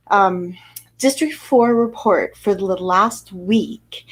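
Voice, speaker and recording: A woman physician with an American accent giving an informal weekly health briefing, talking over slides in a conversational way with fillers and restarts. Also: on the high side. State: a little out of breath.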